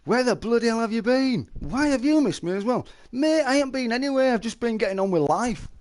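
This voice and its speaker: A man's voice: very high voice, lively intonation, a little fast, darkish tone. A middle-aged man, chatting casually to viewers on a live stream and telling stories. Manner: chatty, storytelling, calls listeners mate.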